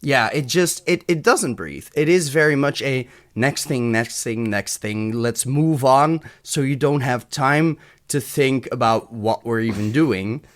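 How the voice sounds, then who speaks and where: A man's voice: medium pitch, a little slow, hardly any pauses. Rambling, profane European man chatting. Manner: rambling, profane, thinks aloud with restarts. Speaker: podcast co-host. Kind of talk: casual chat.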